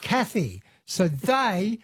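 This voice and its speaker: Male radio host, high voice, playful teasing banter. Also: huge pitch swings, drawn-out words, fairly bright tone, breathy edge, no echo. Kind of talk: casual radio chat.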